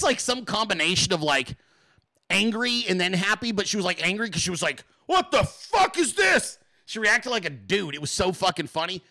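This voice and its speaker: A man hosts a live stream and rants freely to his chat, swearing in nearly every line. His voice sits high and bright with a forceful edge. He swings his pitch widely and jumps into shrill put-on voices when he quotes people. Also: dry recording, clean studio sound. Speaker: livestream host. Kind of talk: profane unscripted rant to a live chat.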